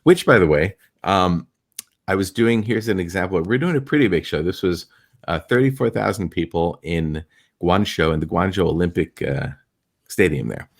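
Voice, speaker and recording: A middle-aged man, a stage illusionist, telling animated anecdotes in a podcast interview and acting out the people he quotes. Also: low-pitched, moderate pace, gravelly.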